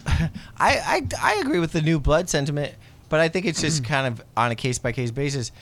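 A man's voice: fairly high pitch, animated, a little fast, fairly bright tone. A man hosting a podcast, chatting casually and animatedly, swearing a lot and laughing often. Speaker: podcast host. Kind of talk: casual chat.

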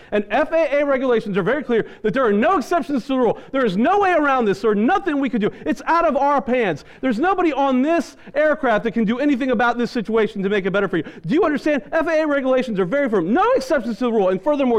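A woman's voice: mid-range voice, animated, fast, a little mellow, lightly acted. A preacher voicing a stern, officious female flight attendant who scolds a passenger in prim, clipped tones. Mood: scolding.

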